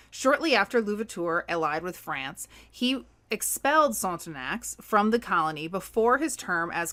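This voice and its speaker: Relaxed woman history podcaster. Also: on the low side. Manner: relaxed, repeats words and backchannels often. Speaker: podcast co-host.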